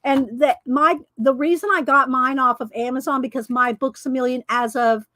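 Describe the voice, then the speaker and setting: A woman's voice: sits high, fairly even intonation, normal speed, sharp tone, dry recording. A woman hosting an art livestream, chatting casually and rambling as she thanks viewers by name. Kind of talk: casual chat.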